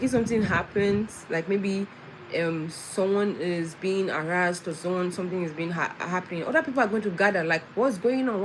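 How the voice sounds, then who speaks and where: A young woman from West Africa chats to her viewers in a loose, animated storytelling way, often restarting her sentences. Her voice sits at a middle pitch. Traffic and vehicle noise are plainly heard behind her. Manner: chatty, with many restarts and laughs, animated storytelling. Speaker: vlogger. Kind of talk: casual live-stream chat. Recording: noisy background with vehicle sounds.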